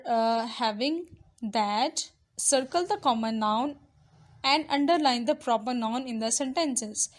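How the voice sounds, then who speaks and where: A young woman teaching a children's grammar lesson, explaining step by step and switching at times into Hindi-Urdu. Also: high-pitched.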